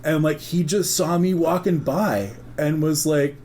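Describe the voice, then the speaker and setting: A man with a slightly raised voice spins a rambling, profane story in a relaxed chat. He acts out each person's lines, jumping up into other voices and dropping back down for his own. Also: a little high, measured pace, a little hiss or hum. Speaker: podcast co-host telling a story.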